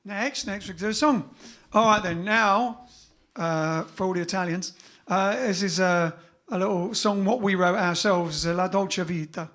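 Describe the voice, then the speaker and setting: A man's voice: sits high, a little slow. A man co-hosting a live-stream music show, joking with viewers between songs. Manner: jokey banter. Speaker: band singer and co-host. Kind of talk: casual live-stream chat and singing. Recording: loud band music behind.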